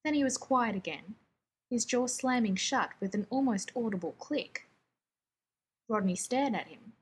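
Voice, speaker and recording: A woman narrating a fan fiction audiobook in a brisk, wry storytelling manner. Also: fairly high pitch, expressive, husky. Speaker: reader.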